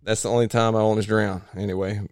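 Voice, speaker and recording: A man telling a long story on a podcast in a casual, animated way, acting out other people's voices. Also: on the low side, fast talker, dry recording, studio quality. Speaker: podcast guest.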